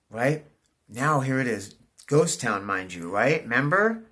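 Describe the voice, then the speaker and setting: A middle-aged man telling a rambling, profane story, saying "dude" constantly and jumping up loud when excited. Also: medium pitch, fairly quick. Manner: animated, voice jumps up in excitement. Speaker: vlogger. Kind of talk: casual storytelling monologue.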